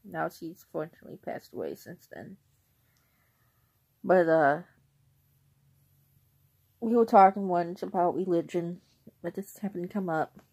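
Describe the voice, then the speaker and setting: A young woman vlogging in a casual, rambling way, who often clears her throat. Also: fairly low pitch, expressive, measured pace, pauses often, darkish tone. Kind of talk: casual chat.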